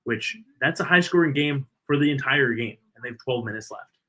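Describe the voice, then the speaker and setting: Man, live watch-party co-host, bright tone, casual and analytical stat talk. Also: medium pitch, a little fast, rough recording. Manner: reads out player stats, analytical. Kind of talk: casual live sports chat.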